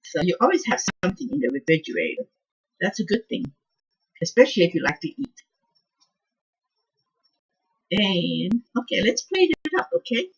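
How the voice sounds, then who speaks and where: A woman hosting a casual cooking vlog from her home kitchen, quiet and soft-spoken, chatting in a rambling way and trailing off as she cooks. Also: on the low side, sing-song, moderate pace, creaky, pauses often, husky, muffled recording. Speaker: cooking channel host.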